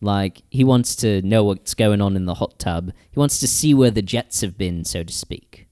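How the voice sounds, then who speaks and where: A man with a British accent co-hosts a comedy podcast in loose, joking chat. His voice sounds dark and mellow, smooth and clean, with dry close-miked sound and no room at all. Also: lowish voice, moderate pace, dry recording. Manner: jokey, plays a British character bit. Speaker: podcast co-host.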